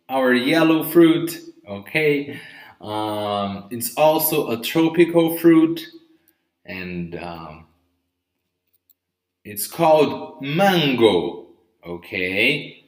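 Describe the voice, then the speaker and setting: Slow, patient male English teacher. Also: medium pitch, big pitch swings, fairly bright tone, echoey room. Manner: slow, patient, often checks with "okay?". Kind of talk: live online vocabulary lesson. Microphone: live stream mic.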